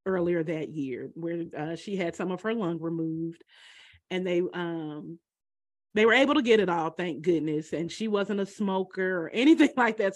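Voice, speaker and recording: A woman telling a personal story, halting and emotional, with many pauses and fillers. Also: on the low side, dry recording, clean studio sound.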